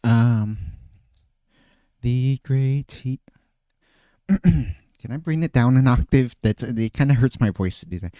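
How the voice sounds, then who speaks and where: A man's voice: mid-range voice, slow, long pauses, dark tone, dry recording, studio quality. A man streaming casually, thinking aloud, often trailing off and restarting his phrases. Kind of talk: casual livestream chat.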